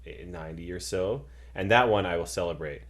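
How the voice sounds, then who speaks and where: A man's voice: deep voice, fairly quick. A young man co-hosting a podcast, chatting casually with dry, teasing banter. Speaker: podcast co-host. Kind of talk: casual chat.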